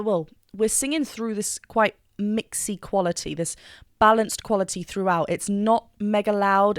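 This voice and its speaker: Woman vocal coach, reaction commentary, eager and technical, sings quick examples; medium pitch, dry sound. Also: no room sound.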